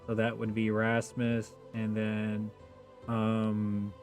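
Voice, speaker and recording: Gravelly-voiced male game master. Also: lowish voice, monotone, slow pace, darkish tone, faint music behind. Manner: casual, profane, filler-heavy. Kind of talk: narrating a tabletop game.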